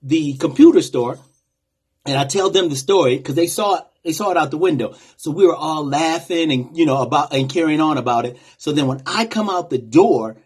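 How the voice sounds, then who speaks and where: High-voiced man telling a story, husky tone. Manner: animated, conversational storytelling. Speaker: vlogger. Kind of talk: casual storytelling to camera.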